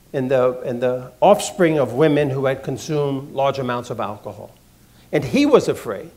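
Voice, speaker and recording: A man with a voice of ordinary middle pitch, addressing an audience about his own past. He speaks in a measured, deliberate way and builds emphasis through repeated phrases. He grew up in Washington, D.C. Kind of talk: measured personal talk to an audience.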